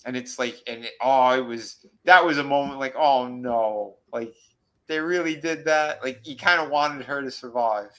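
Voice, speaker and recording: Man, podcast co-host, excited, rambling, casual review chat, mid pitch. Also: moderate pace. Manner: rambling, excited retelling with restarts.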